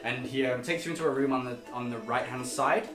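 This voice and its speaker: A man's voice: mid-range voice, a little fast. A man running a tabletop game as game master, narrating in a rambling way with frequent fillers. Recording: roomy, with music behind.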